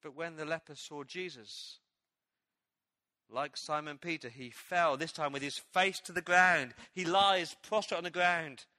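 Bright-voiced preacher, dry close sound. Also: male voice, fairly high pitch, unhurried, no room sound. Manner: animated storytelling, acting out quoted lines. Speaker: pastor. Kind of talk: sermon. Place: church.

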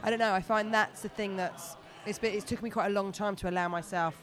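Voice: mid-range voice, steady tone, fast talker, fairly bright tone, some chatter behind. Chatty stand-up comic. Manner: chatty, rambling, self-deprecating. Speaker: stand-up comedian. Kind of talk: casual interview chat.

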